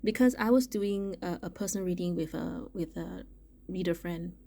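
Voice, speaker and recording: A woman giving a casual tarot reading, chatty and thinking aloud, often pausing on "okay" and restarting her sentences. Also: lowish voice, gravelly, mellow. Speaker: tarot reader.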